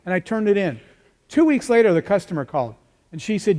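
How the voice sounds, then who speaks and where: A man's voice: high voice, fairly quick. A middle-aged man giving a motivational speech, telling a story and acting out the dialogue. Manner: storytelling, animated, acts out dialogue. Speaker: keynote speaker. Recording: hall reverb.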